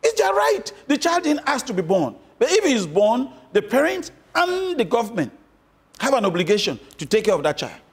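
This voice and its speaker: A man's voice: very high voice, wildly swooping pitch, normal speed, breathy edge. A middle-aged man from Cameroon answering interview questions as a political guest, emphatic and repeating his points with rhetorical questions.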